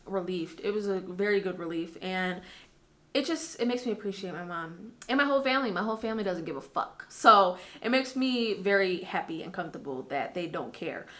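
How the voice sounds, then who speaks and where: A woman's voice: medium pitch, sharp tone. A young woman in her twenties, telling a personal story in a candid, casual vlog, with frequent fillers and swearing. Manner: candid, chatty, swears freely, lots of fillers. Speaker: YouTuber.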